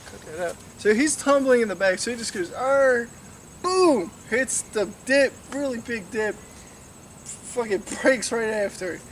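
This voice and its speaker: Drunk young dude rambling and cussing, highish voice, far off mic with faint outdoor noise. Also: male voice, moderate pace. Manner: rambling, profane, tipsy. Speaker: storyteller. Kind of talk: casual storytelling to camera.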